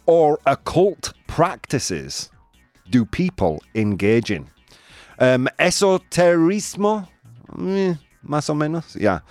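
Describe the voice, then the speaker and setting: Lively-voiced man hosting a live show. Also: on the high side, no room sound. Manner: playful, laughing, mixes in Spanish phrases. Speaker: host of a live daily show. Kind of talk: casual live show chat. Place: studio in Madrid.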